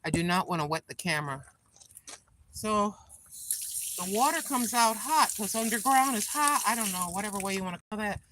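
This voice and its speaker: Watering her garden outside, a tired-sounding older woman films herself on a handheld phone and chats away to viewers, referring to herself as Granny and muttering to herself too. Her medium-pitched voice has lively intonation and a moderate pace over background noise.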